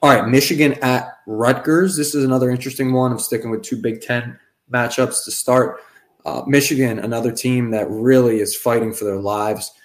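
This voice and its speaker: A man's voice: mid-range voice, steady tone, moderate pace. A man co-hosting a casual sports podcast and rattling off confident betting picks. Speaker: podcast co-host.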